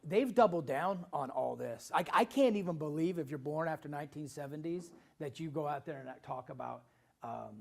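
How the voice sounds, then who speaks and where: Gravelly man giving a heated town hall speech. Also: mid-range voice. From Illinois, USA. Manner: emphatic, repeating phrases, frequent restarts. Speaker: political speaker at a town hall.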